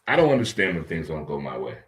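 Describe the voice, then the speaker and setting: A man hosting a casual talk radio show, joking and animated, swinging between loud outbursts and low muttering. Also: fast. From St. Louis.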